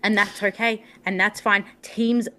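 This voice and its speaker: A woman's voice: mid-range voice, little pitch movement, unhurried, sharp tone. A woman co-hosting a women's football podcast, giving forthright, opinionated analysis in casual chat. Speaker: podcast co-host.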